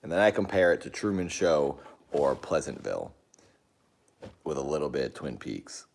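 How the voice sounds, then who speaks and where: Streamer host, man, low voice, animated swings, chatty and rambling with excited yelps. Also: moderate pace, vocal fry, slight background noise. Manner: rambling, talks to chat, jumpy outbursts. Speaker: live streamer. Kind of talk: casual live-stream chat.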